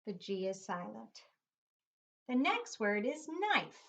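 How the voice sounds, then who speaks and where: A woman's voice: mid-range voice, big pitch swings, slow pace, creaky, a bit bright. A middle-aged woman teaching a phonics lesson to young children, patiently spelling words out letter by letter. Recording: dull lo-fi recording.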